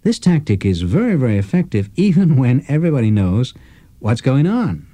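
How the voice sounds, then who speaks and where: A man's voice: fairly low pitch, mellow, no room sound. A man teaching sales negotiation tactics in a recorded lecture, acting out quoted dialogue and putting rhetorical questions to the listener. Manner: acts out quoted dialogue in small voices.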